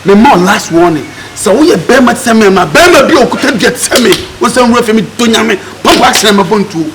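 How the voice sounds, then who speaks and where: A man plays a loud, boastful young fellow with a Ghanaian accent, his voice very high and swooping wildly as he shouts and begs. The film sound is noisy. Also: fast. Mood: pleading. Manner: shouting, excitable, high-pitched. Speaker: actor in a comedy film. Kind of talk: comic film acting.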